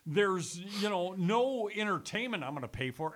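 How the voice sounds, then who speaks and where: An older man, a former sales executive, telling animated stories in a casual chat and laughing as he goes. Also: high voice, normal speed.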